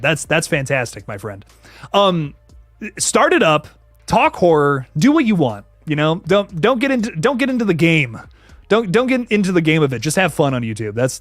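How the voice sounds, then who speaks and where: A young man hosting a casual horror livestream, slangy and animated, thanking viewers by name as he reads the chat. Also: on the high side, dry recording. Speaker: horror channel host reading live chat.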